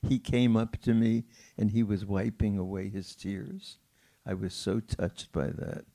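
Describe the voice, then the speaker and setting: A man's voice: on the low side, steady tone, gravelly. An older man, a pianist, telling stories at a film Q&A in a theater, chuckling and acting out quoted voices. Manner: slow, warm storytelling with laughter and quoted voices. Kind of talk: storytelling at a film Q&A.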